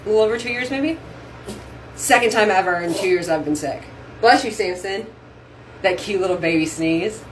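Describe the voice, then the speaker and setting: A woman's voice: medium pitch, normal speed, long pauses, a little hiss or hum, low-quality recording. A woman hosting a casual vlog, chatting effusively to her viewers from a bathroom sink at home. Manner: chatty and effusive, says "y'all". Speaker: vlog host. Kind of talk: casual chat to camera.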